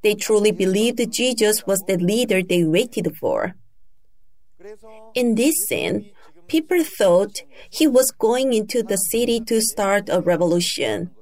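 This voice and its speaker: A woman delivers a sermon at an unhurried, measured pace. Her voice sits at an ordinary middle pitch, and she tells the story step by step with careful emphasis. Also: sing-song. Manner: slow, deliberate storytelling with emphatic raised cries for quoted shouts. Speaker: preacher.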